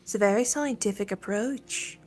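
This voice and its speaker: A woman's voice: mid-range voice, normal speed, darkish tone. A woman chatting casually on a game stream, playful and joking. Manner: playful, tries out character accents. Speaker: co-streamer friend.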